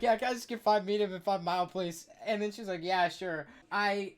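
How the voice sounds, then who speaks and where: A young man, a streamer, telling stories in casual chat, excitable and stammering, loudly acting out what people said. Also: high voice, fairly quick.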